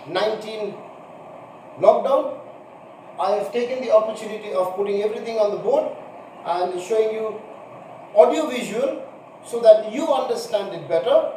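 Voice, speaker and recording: High-voiced male teacher in an echoey room. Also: normal speed, long pauses, dark tone. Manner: patient, repeats points and spells out examples. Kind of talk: recorded grammar lesson. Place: room with a board. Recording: echoey room, mic far off, faint hiss.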